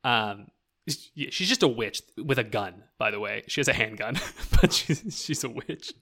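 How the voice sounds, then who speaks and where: A man's voice: medium pitch, lively intonation, moderate pace, pushed and bright. A young man chatting casually as a podcast co-host, rambling with lots of "like" fillers. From rural Canada. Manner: rambling, full of "like" fillers, laughs often. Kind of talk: casual chat about video games.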